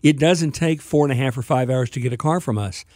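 A man's voice: medium pitch, fairly quick, a little mellow, no echo. A man co-hosting a weekend radio show, chatting casually and reading out phone numbers. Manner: reads phone numbers and web address, easygoing.

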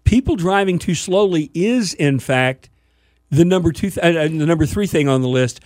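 A man co-hosts a weekend radio talk show in easy banter. His voice sits a little high. The studio sound is dry and close. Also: lively intonation, normal speed, darkish tone, dry recording. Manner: reads phone numbers and web address, easygoing. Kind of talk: casual radio chat.

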